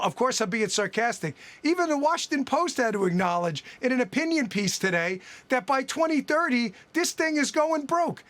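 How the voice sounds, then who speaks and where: Brief: male TV guest, very high and bright, sarcastic and emphatic. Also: very animated, moderate pace, hardly any pauses. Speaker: guest commentator. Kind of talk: political TV interview.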